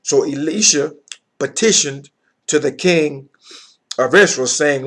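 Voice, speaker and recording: This man reads Bible verses aloud and then unpacks them in simple language, frequently checking in with those listening. His voice sits on the high side and sounds a bit bright, with a slow pace and long pauses.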